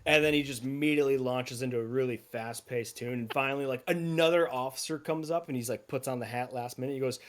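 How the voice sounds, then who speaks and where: A man as game master, narrating a tabletop game in a casual, halting way with many fillers. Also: mid-range voice, steady tone.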